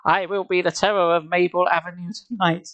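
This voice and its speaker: A man voicing a young teenage girl who is thrilled with her scary mask, reading her lines with excitement. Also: high voice, brisk, voice pushed up. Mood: gleeful. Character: scheming young teen girl in a monster mask.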